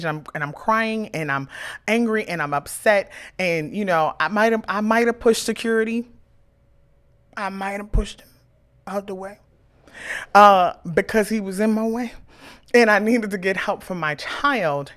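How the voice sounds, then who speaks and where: A woman in her thirties, a podcast host, telling a personal story with emotion and animated quoted dialogue. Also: medium pitch, moderate pace.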